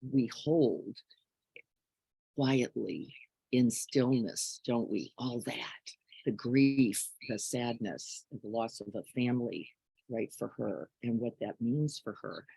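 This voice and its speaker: A middle-aged woman giving a reflective spiritual teaching in a gentle, unhurried way, often closing her points with soft tag questions. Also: very deep voice, creaky, slightly rough, no echo, poor audio.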